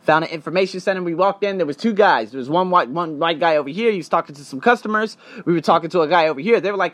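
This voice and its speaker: A man's voice: fairly high pitch, fast, few pauses, no echo. A young adult man hosting a podcast, telling a story as a casual, profane rant and acting out the other people in it. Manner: animated, profane, acts out other people's voices. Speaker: podcast host.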